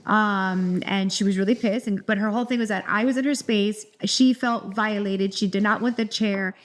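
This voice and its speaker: A middle-aged woman co-hosting a podcast, telling a story in a rambling, animated way with lots of restarts. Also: mid-range voice, normal speed. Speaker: podcast co-host. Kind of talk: casual storytelling chat.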